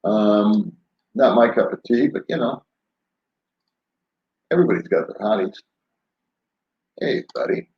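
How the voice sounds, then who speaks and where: A man's voice: lowish voice, normal speed, pauses often. An older man chatting casually on a live stream, rambling and laid-back, laughing often as he answers viewers. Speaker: vlogger answering live chat. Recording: roomy, dull lo-fi sound.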